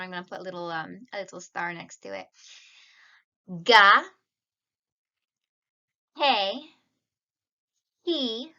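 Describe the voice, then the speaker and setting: A woman's voice: mid-range voice, sharp tone, dull audio. A woman teaching a casual video lesson, patiently explaining and mixing Spanish words into her English.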